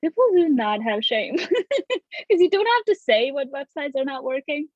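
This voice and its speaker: A woman with a fairly high voice tells stories in a casual chat and laughs a lot. She is a comedian appearing as a guest. Her sound is dull and dry. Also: sing-song, normal speed, a little mellow, no room sound. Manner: laughing often, storytelling.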